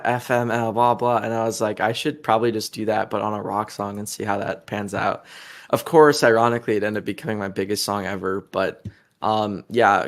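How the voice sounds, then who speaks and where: A man's voice: lowish voice, creaky. A young adult man, a musician being interviewed, talking in a laid-back, profane, casual way and laughing often.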